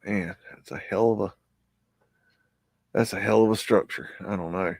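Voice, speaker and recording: A man's voice: lowish voice, fairly even intonation, moderate pace, vocal fry, darkish tone, no echo, studio quality. A man hosting a live stream, rambling casually as he comments on old photos and scolds his dog in between.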